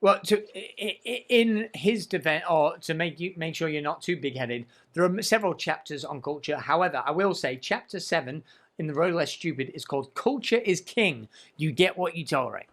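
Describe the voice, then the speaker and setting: A man with a slightly high voice is chatting on a podcast in a studio. he talks with real enthusiasm. he stumbles and restarts his words a lot and says "like" all through his talk. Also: brisk, fairly bright tone. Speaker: podcast host. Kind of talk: casual podcast chat.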